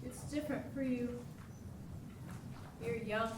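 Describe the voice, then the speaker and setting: A woman's voice: on the high side, steady tone, takes it slowly, background noise. A young actress on a school stage playing a fussy, frightened older woman who stammers and frets. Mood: fretful. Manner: stammering, fretful and breathless. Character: fussy aging woman, a former actress, frightened and self-pitying. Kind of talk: live stage acting. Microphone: distant room mic. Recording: echoey hall recorded from far off.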